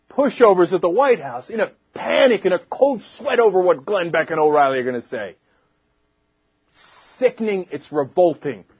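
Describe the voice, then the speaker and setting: A man's voice: high voice, husky, no room sound, muffled recording. A man hosting a political commentary show, delivering an indignant, mocking monologue.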